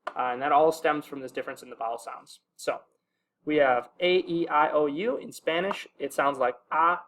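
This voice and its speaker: A young man with a fairly high voice teaches a casual video lesson. He talks in a relaxed, filler-heavy way and slows down whenever he sounds out an example word. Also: slight background noise. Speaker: language teacher.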